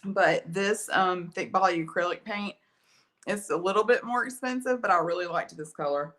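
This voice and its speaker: At a moderate pace, a woman with a lowish, slightly bright voice and a Southern Alabama accent hosts a chatty, folksy live painting tutorial. She's an art instructor, and a slight cough lingers from her illness.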